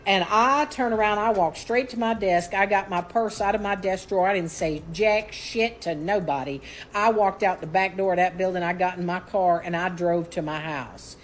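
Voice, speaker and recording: A woman's voice: fairly low pitch, moderate pace, a little hiss or hum, low-quality recording. A woman tells a personal story in an emphatic, dramatic way, swearing bluntly. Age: 60s. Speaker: guest.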